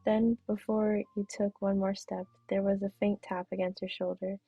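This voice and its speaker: A woman streamer reading a visual novel's narration aloud in a steady voice, now and then correcting herself. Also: mid-range voice, moderate pace, husky, no echo, soft background music. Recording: tinny phone-like mic, dry.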